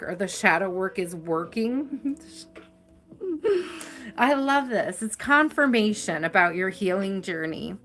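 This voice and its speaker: A woman's voice: mid-range voice, a bit bright. A woman doing a live tarot reading, chatty and affectionate, tired and yawning, stretching out key words. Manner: chatty and affectionate, drawn-out stresses, frequent laughs. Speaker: tarot reader.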